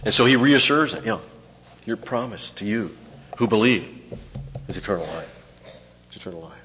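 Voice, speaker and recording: A man preaching an expository sermon, teaching conversationally and dropping to quiet asides between points. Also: on the low side, animated, normal speed, a little hiss or hum. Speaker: pastor. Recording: lo-fi with long hall reverb.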